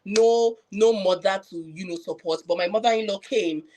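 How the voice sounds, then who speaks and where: A woman with a Nigerian accent speaks as a panel guest, recounting a personal experience in an earnest, reflective way. Her pitch sits in an ordinary middle range, and she often restarts sentences and leans on "you know" as she thinks aloud. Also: normal speed, dark tone. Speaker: guest, public health professional. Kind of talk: personal account on a live panel.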